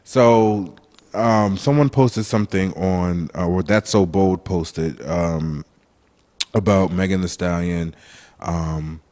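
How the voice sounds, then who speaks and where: Very deep-voiced man, sassy and chatty. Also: slow pace, darkish tone. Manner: laughs often, drops his voice low mid-sentence; playful, sassy asides. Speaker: podcast co-host. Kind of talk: casual chat.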